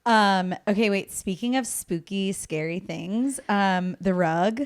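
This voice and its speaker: A woman's voice: medium pitch, takes it slowly, smooth. A young woman co-hosting a podcast, telling stories in a gossipy, casual way and swearing freely. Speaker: podcast co-host. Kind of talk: casual chat.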